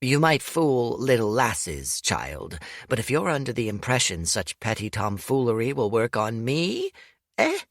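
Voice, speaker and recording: A man's voice: wildly swooping pitch, measured pace, gravelly, dry recording, clean studio sound, heavily acted. A male narrator voicing a shrewd, scolding old woman warlord in a raised, older-sounding voice, as an audiobook character. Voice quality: higher, scolding old-lady voice.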